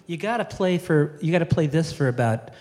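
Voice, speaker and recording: A man from Wisconsin hosting and asking chatty, lively questions. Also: on the high side, brisk, big-room sound, faint music behind. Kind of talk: casual interview chat.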